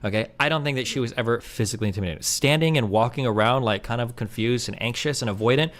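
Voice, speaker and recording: A man's voice: medium pitch, quick pace. A man in a heated debate, blunt and sarcastic, swearing and cutting in. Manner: blunt, sarcastic, profane, interrupting. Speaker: debate streamer.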